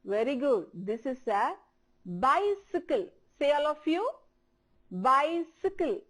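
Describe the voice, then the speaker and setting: A woman teacher with an Indian English accent giving a televised primary-school English lesson, speaking slowly and repeating words for children to copy. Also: sits high, sing-song.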